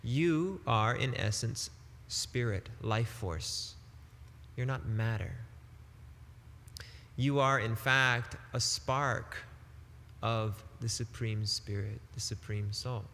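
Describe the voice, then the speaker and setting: A man giving a devotional sermon as a spiritual teacher, emphatic and deliberate, with casual turns of phrase. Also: mid-range voice, a bit bright, long reverb tail.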